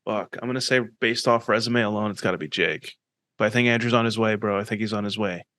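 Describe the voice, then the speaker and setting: A young man co-hosting a podcast, chatting casually and animatedly, swearing freely and quick with opinions. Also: lowish voice, steady tone, bright, forceful tone, no room sound, studio quality. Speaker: podcast co-host. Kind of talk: casual chat.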